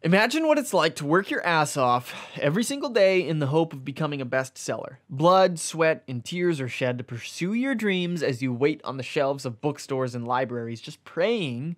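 A man voicing a frustrated male book who feels unrecognized, his reading pushed up louder and more strained. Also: on the high side, expressive, normal speed, few pauses, close to an everyday voice. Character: bitter male living book, frustrated and wounded.

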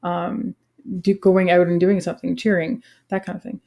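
A woman in her forties with a lowish voice explains a lesson to her students. She talks casually, pausing on ums and correcting herself as she goes. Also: creaky. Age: 40s. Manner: relaxed, many ums and self-corrections. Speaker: teacher.

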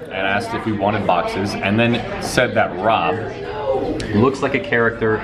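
Low-voiced man teasing over loud crowd. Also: unhurried. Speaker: friend of the vlogger. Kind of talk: casual chat among friends.

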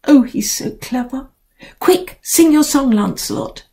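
A woman voicing excitable, gushing young girls in a storybook reading. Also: high-pitched, a little slow, vocal fry, pitched above the performer's own voice, full character voice. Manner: squealing, gushing.

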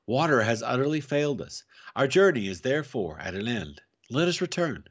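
A man's voice: medium pitch, brisk, slightly rough, dull audio. A man reading a novel aloud and voicing an exhausted young man who vehemently pleads to turn back. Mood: pleading. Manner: excited, vehement.

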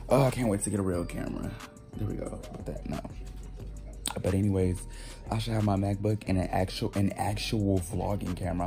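A tired young man filming a casual vlog on a handheld phone. His usual voice sits fairly low, but he talks sassily, cusses freely, and often jumps into loud, high-pitched squeals. Music plays clearly in the background. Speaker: vlogger and grocery cashier. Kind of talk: casual first vlog to camera. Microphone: phone camera held in hand.

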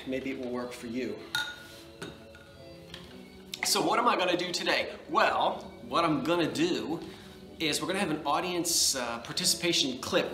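Chatty New Jersey man in an echoey room. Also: on the high side. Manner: rambling, chatty, folksy asides. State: nasal from allergies. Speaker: vlogger, antiques seller. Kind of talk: casual chat to camera. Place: living room at home.

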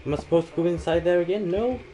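A man livestreaming a horror game, reacting in frightened, swearing outbursts and nervous laughs. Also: quick pace. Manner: lively, dramatic pitch swings between yelps and mutters. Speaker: livestream gamer.

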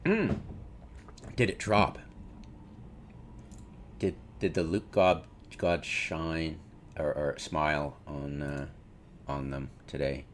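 A man's voice: rumbling low, steady tone, takes it slowly, pauses often, a little hiss or hum. A man commenting on his own gameplay, mocking his mistakes, laughing often and acting out his inner voice. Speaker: gamer streamer.

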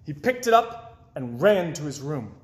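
A man reading children's picture books aloud in an expressive storytelling voice. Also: on the high side, measured pace, roomy sound. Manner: expressive, with swoops up and down. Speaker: children's book reader.

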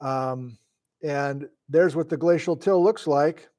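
This middle-aged geology lecturer from Wisconsin, USA, is short on sleep and thinks aloud through a flustered, casual live-stream lesson. He talks slowly in a slightly high voice with a darkish tone.

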